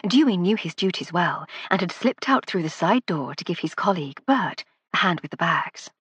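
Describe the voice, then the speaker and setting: A woman narrating a first-person novel with a wry, measured delivery. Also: on the low side, animated, a bit bright, breathy edge, no echo. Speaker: audiobook narrator.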